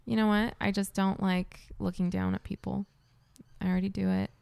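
A woman on a podcast with a gravelly edge in her mid-pitched voice. She tells her story bluntly and swears freely, in an easy, unscripted chat. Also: level tone, a little fast, a little mellow. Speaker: podcast guest. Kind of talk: casual chat.

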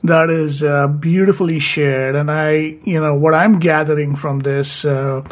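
A man hosting a podcast, asking long questions haltingly with many fillers. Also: a little high, fairly even intonation. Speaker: podcast host. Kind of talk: interview questions.

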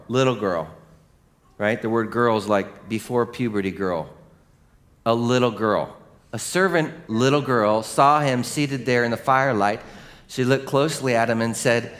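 A middle-aged male pastor with a nasal voice, preaching animated, jokey sermon stories that drop to hushed earnestness. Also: medium pitch.

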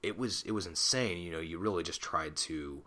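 Young guy doing a solo pod on a desk mic, bright edge to his voice, kinda awkward and sweary. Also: low-pitched, normal speed. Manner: rambling, self-conscious, swears casually. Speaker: podcast host. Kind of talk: solo podcast chat. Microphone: desktop USB mic.

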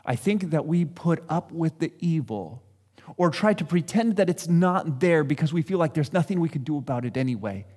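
A man's voice: on the high side, animated, moderate pace, a little mellow, breathy edge. A man giving a sermon in a conversational, self-deprecating way, acting out what people say. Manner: conversational, self-deprecating preaching with acted-out quotes. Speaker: pastor.

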